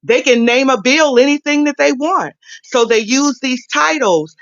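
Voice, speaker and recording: A woman's voice: sits high, unhurried, a bit bright, dry recording. A woman calling in to a live stream, explaining things emphatically. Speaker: caller. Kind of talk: call-in explanation. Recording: dull, dry call-in line.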